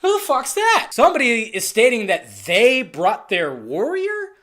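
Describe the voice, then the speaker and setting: Excitable, swearing trailer reviewer man. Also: very high voice, measured pace. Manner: excitable, profane, rambling speculation. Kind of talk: casual video commentary.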